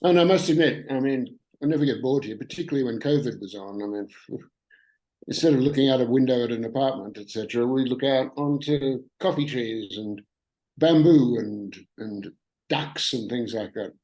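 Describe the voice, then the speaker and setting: A man's voice: mid-range voice, normal speed, warm tone, rough recording. A man with an Australian accent, a guest author chatting over a remote line and telling easygoing anecdotes. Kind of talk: casual interview chat over the line. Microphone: remote call line.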